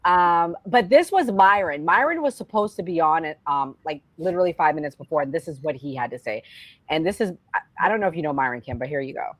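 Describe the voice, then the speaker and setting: Woman host, casual panel chat, fairly low voice, dry sound. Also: animated, fast, dry recording. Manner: directs the talk, asks questions.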